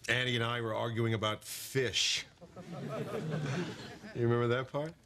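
A man's voice: medium pitch, level tone, unhurried, heavy background noise, lightly acted. A man acting in a sitcom as a playful, pleading doctor husband. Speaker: actor playing a doctor husband.

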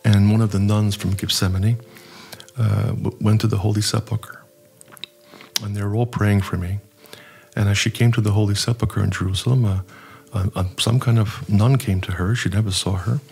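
Low gravelly man telling a story. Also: fairly even intonation, darkish tone. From United States. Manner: earnest, halting with many uhs. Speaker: archpriest guest. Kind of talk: personal storytelling.

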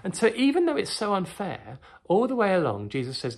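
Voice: medium pitch, wildly swooping pitch, a little fast, gravelly, hardly any pauses. A children's teacher telling and reading a Bible story, often asking the children tag questions.

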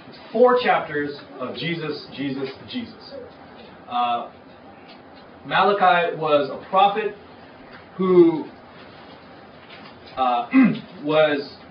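Male pastor, fairly high voice, preaching casually with many "uh"s, recorded from afar in an echoey hall. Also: noisy background. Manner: conversational, frequent "uh" fillers. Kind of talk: sermon. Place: church hall. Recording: echoey hall, far from the mic, dull.

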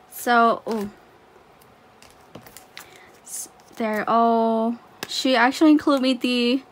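A woman's voice: fairly high pitch, fairly bright tone, a little hiss or hum. A woman talking casually while unboxing a haul for her channel, gushing with exclamations and fillers. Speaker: YouTuber unboxing a photocard haul.

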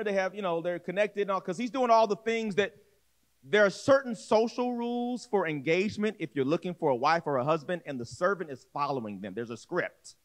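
A man preaching a sermon as pastor, telling a story in a conversational way, acting out voices and repeating himself as he goes. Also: high voice. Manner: direct, conversational, repeats words and restarts.

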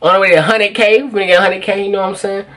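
A man hosting a prank channel, telling a storytime to the camera in an excitable, slangy way with sudden high-pitched outbursts. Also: rapid-fire.

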